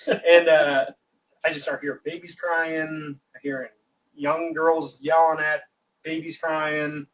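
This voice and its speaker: A guest in a casual chat, a man with a higher voice tells a long, funny story slowly, laughing throughout and animatedly acting out the voices of its characters. The livestream audio sounds distant and dull.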